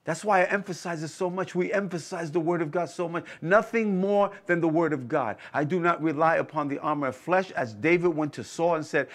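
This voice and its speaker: Guy preaching a sermon, kinda high voice, leans hard on his points and repeats them, keeps asking if you hear him. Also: fairly quick, hardly any pauses. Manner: emphatic preaching, repeats key phrases, asks listeners if they hear him. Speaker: pastor.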